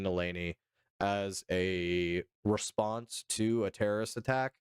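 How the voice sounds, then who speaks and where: A man's voice: on the low side, clean tone, dry recording, studio quality. A man livestreaming casual commentary, reading chat and talking it through in a hesitant way that repeats itself and swears freely. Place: home streaming setup.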